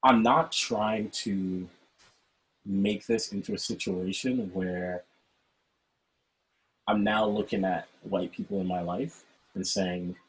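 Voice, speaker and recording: Low-voiced man hosting an animated chat. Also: slow pace, long pauses, rough recording. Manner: animated, keeps checking in with "right?". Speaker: host. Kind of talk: casual chat. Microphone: video call.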